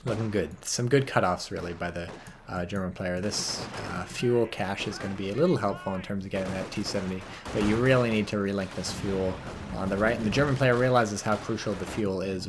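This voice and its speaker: A man's voice: deep voice, background noise. A man casually commentating a strategy game replay, wry and rambling, rising to exclamations at blunders.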